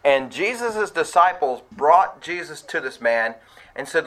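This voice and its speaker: Male pastor, slightly high voice, conversational sermon, acts out quotes with sharp pitch jumps. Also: big pitch swings, measured pace. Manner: conversational preaching with asides to the congregation.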